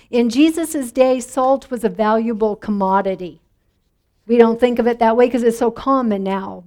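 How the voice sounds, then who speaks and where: A middle-aged woman pastor with a fairly high-pitched, darkish voice preaches conversationally. She invites and draws responses from her congregation.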